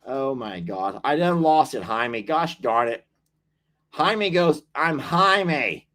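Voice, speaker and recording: A man with a drawl hosts a casual livestream, reading comments out loud. He talks in a chatty, teasing way, laughing often, and his voice swoops widely up and down at a middling pitch. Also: animated, slow pace. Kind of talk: casual live-stream chat.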